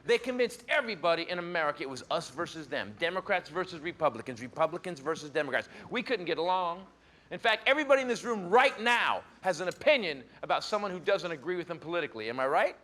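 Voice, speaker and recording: A man doing a loud, punchy stand-up set and working the crowd in a live theater recording. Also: a little high, expressive, quick pace. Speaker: stand-up comedian. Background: loud audience laughter and cheering.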